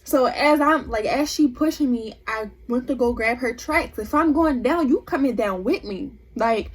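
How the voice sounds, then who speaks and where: A young woman vlogger telling a storytime tale in an animated, emphatic way. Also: a little high, normal speed, breathy edge. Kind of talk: storytime vlog.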